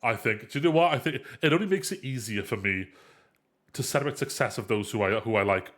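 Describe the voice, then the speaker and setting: A man's voice: mid-range voice, lively intonation, fast, a bit bright. A man hosting a casual live podcast, his voice congested and nasal-sounding. He rambles playfully, stumbling and restarting as he puts questions to his guests. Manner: rambling, self-correcting, playful. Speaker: podcast host.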